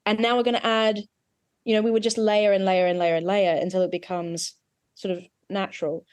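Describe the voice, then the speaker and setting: A woman's voice: medium pitch, little pitch movement, a little fast, darkish tone, clean tone, no room sound. A woman dialect coach giving an accent lesson, explaining mouth positions patiently and in technical detail.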